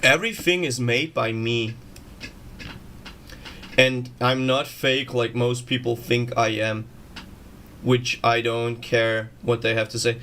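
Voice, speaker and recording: A man's voice: medium pitch, fairly even intonation, slow pace, long pauses, sharp tone, a little hiss or hum. A man chatting casually on a music production livestream, slangy and swearing, calling everyone bro. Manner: slangy, swears freely, says "bro" a lot.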